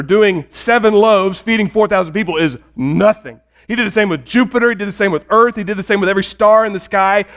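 A man preaching a sermon in a notably high voice, lively and expressive. He asks the congregation questions and acts out the voices in the story. He swings from loud emphatic lines down to soft, hushed ones. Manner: animated, acts out quoted voices, shifts between loud emphasis and quiet. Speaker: pastor.

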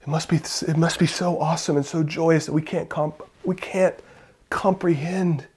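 A male pastor preaching a sermon, building to loud fervent peaks and dropping to hushed, intimate passages. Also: fairly high pitch, steady tone, normal speed, husky.

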